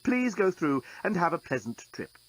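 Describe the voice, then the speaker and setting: A man's voice: on the high side, big pitch swings, moderate pace, a bit bright, voice pushed up, rough recording. A man doing a fussy robot desk clerk. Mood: fawning. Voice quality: strangled simulated voice. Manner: prim, officious, squeals when handled. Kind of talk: audiobook character voice.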